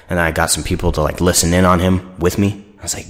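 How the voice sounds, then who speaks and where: A young man hosting a podcast tells a rambling, profane story as a casual rant, speaking fast in a low voice with a steady tone. He acts out the voices of the people he quotes.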